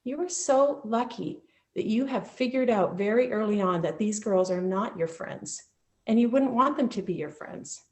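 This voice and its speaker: A woman voicing a stern but kind male school principal in a told story, speaking in a measured way. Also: a little high, echoey room, lightly acted. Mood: earnest.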